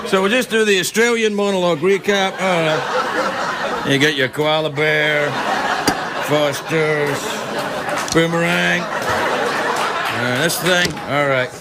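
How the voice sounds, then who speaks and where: A man hosting a late-night talk show, cracking quick jokes and playful asides to a studio audience. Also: a little high, fairly even intonation, a loud crowd. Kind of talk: comedy monologue banter. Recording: studio audience laughter and noise.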